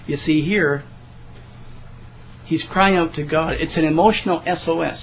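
A man giving a conversational sermon in a folksy way. He restarts his words, reads scripture slowly and clears his throat often. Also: a little high, fairly even intonation, dull audio, a little hiss or hum. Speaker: preacher.

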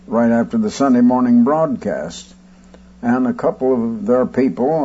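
A man preaching as he recounts a story, rambling with fillers and bursting loud when he quotes a shout. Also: mid-range voice, breathy edge, muffled recording. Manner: rambling anecdotal telling with fillers. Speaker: radio preacher. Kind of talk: storytelling sermon.

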